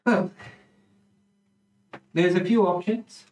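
A man narrating as the dungeon master in a tabletop game, chatty and hesitant, with quick asides. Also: high voice, fairly even intonation, darkish tone. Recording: roomy room, distant mic, music underneath.

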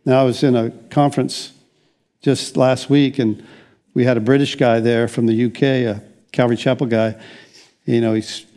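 A man's voice: medium pitch, dark tone. A middle-aged American man preaching a sermon as pastor, conversational and rambling, often restarting his sentences. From United States.

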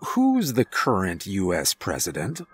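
A man voicing a calm, compassionate police chief who speaks softly and gently. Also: sits low, breathy edge, soft background music, pitched below the performer's own voice, heavily acted. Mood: gentle. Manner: soft, gentle, measured.

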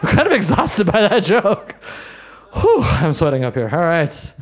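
A man doing a stand-up set in a comedy bar, brash and self-mocking, with quick asides to the crowd. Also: sits high, wildly swooping pitch. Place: comedy bar in front of a live audience.

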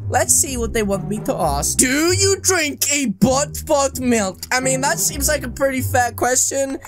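A man giving energetic, jokey commentary over a video game, often bursting into yelps and shouts. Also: very high voice. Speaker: gaming YouTuber. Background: game music.

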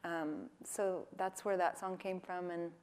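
A woman's voice: lowish voice, steady tone, a little slow, darkish tone, slight background noise. A woman answering audience questions onstage at a live event, playful and joking between thoughtful answers. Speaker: interview guest, singer-songwriter. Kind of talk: onstage interview Q&A.

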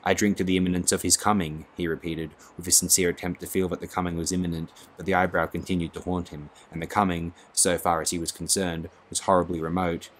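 A male audiobook narrator reads a classic novel aloud. His voice sits very low. He reads expressively, letting the prose swell with the scene. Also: little pitch movement, quick pace, few pauses, slight background noise. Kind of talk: scripted narration.

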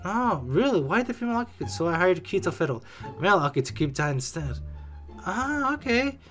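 An excitable gamer joking and exclaiming while reacting to a game's death scenes. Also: medium pitch, fairly quick, soft background music. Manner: excitable, jokey, exclaims often and mimics characters. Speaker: reaction video creator. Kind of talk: casual game reaction commentary.

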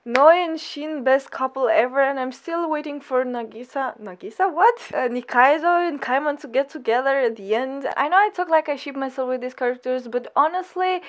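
High, squealing excited young woman. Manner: squealing, gushing fangirl exclamations and giggles. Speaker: anime vlogger. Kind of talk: excited reaction commentary.

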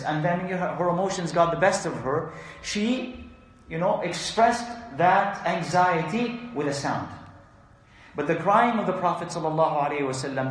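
A man giving an Islamic lesson, reading Arabic texts quickly and explaining them in English with frequent rhetorical questions. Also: a little high. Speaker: Islamic teacher. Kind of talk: religious lesson explaining hadith. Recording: very echoey room.

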